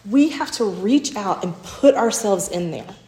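A woman's voice: medium pitch, lively intonation, unhurried, mellow. A woman, giving a sermon and telling stories with little acted quotes, often asking "right?". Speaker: speaker teaching a church talk. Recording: echoey room.

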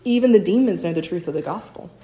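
A woman's voice: lowish voice, animated, fast talker, dark tone. Woman preaching in an echoey room. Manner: storytelling with acted quotes and frequent "right?". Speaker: speaker teaching a church talk. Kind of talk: sermon.

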